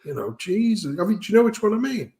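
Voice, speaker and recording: A man in casual conversation on a stream, ranting about things that annoy him. He swears freely. His pitch sits slightly high and jumps around a lot as he gets worked up. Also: very animated, fast, a little mellow. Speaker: stream co-host. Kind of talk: casual chat.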